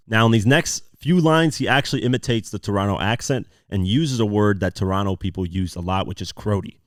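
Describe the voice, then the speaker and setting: A podcast host with a very low voice walks through song lyrics bar by bar, stopping often for fillers as he explains. The sound is dry and close, with little room around it. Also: fairly quick, hardly any pauses, no echo. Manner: breaks down lyrics line by line, frequent fillers. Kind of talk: casual podcast commentary.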